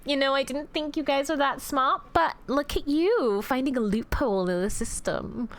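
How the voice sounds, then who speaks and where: A woman's voice: high voice, normal speed, hardly any pauses. A woman streamer chatting casually with her viewers, teasing them in theatrical mock-villain banter and swearing freely. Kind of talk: casual livestream chat with viewers.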